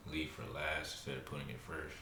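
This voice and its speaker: A man's voice: very deep voice, little pitch movement, fairly quick, sharp tone. A man guest on a casual podcast, talking in an easygoing, plainspoken way. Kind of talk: casual chat. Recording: roomy sound with faint background noise.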